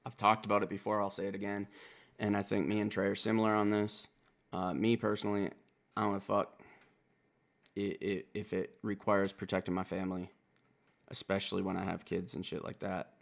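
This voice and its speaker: A man from Wisconsin with a gravelly, fry-laced voice breaks down a song for his channel. His delivery is casual and profane, swinging between quiet asides and excited outbursts. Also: fairly low pitch, brisk. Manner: blunt and profane, excitable, talks in bursts. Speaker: music reaction host. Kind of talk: casual reaction commentary.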